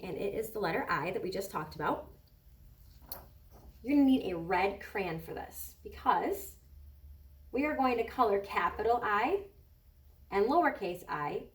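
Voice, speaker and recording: Kindergarten teacher, woman, higher voice, patient and slow, stretches words out for phonics, mic set back a little. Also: recorded from a distance. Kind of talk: recorded phonics lesson for young children.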